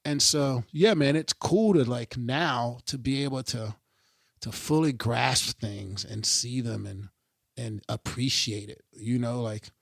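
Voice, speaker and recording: A middle-aged man talking casually as a podcast guest, emphatic and animated, swearing freely and often checking in with his listener. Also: mid-range voice, unhurried, vocal fry, no echo, clean studio sound. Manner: animated, emphatic, swears freely, keeps asking "you know what I mean". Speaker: podcast guest, pro skateboarder. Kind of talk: casual interview chat.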